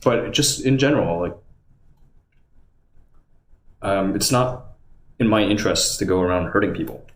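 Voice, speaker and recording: A man's voice: on the low side, unhurried, pauses often. A man chatting casually on a livestream, rambling and muttering to himself as he goes, in a room at home. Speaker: live streamer. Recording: roomy echo with faint background hum.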